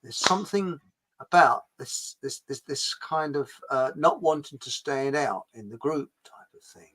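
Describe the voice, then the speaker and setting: A man hosting a casual talk show, rambling and jokey, swinging between loud and quiet. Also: a little high, expressive, measured pace, poor audio. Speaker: show host. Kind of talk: casual political chat.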